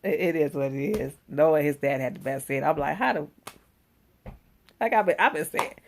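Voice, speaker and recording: A woman casually recapping a TV episode, animated and slangy, exclaiming as she retells scenes. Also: low-pitched, moderate pace, creaky, slight background noise. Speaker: TV episode reviewer.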